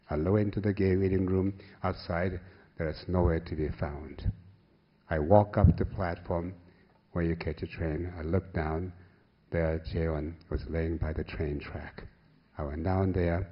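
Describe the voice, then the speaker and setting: Older Korean-accented man, gala speech, low pitch, muffled audio. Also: husky. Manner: storytelling, acts out past dialogue with rising emotion. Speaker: speaker at a gala. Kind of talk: emotional speech.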